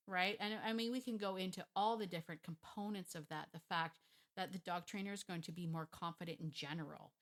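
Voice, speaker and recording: A woman hosting a dog training podcast, talking in a chatty, animated way, often laughing and repeating phrases as she goes. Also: lowish voice. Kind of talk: casual solo podcast talk.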